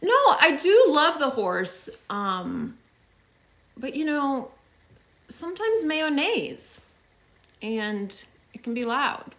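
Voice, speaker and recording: Bright, lively young woman chatting on stream. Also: sits high, slow, pauses often. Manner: chatty and upbeat, thanking viewers with many fillers. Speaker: livestream host. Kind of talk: casual livestream chat with viewers. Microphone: phone.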